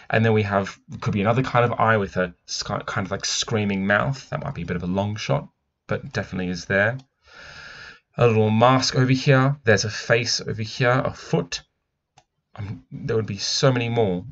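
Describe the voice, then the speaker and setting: A man's voice: lowish voice, vocal fry, fairly bright tone. A man talking through a picture book as a teacher, musing and thoughtful as he reads and comments. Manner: thoughtful, musing, with frequent restarts. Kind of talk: read-aloud book analysis. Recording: dull lo-fi recording.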